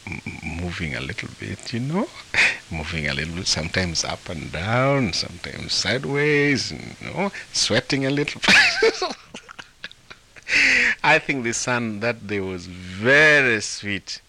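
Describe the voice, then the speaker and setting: A man from Africa tells a folktale in an interview, chuckling and often repeating words. His fairly low voice swings widely in pitch, with a bright, forceful edge. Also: very animated, a little slow, vocal fry, slight background noise. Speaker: author and translator of folktales. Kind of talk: storytelling in an interview.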